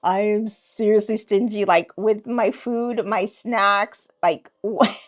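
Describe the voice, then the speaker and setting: A woman's voice: mid-range voice, fairly even intonation, takes it slowly. A woman hosting a casual livestream chat, reading viewer comments aloud in a playful, teasing way and laughing often. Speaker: livestream host.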